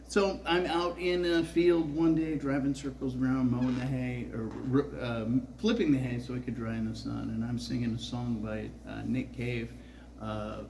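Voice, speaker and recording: A man's voice: medium pitch, little pitch movement, moderate pace, creaky, darkish tone, slight background noise, rough recording. A man in his sixties telling a rambling, profane personal story on a festival stage, full of filler words. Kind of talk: live storytelling.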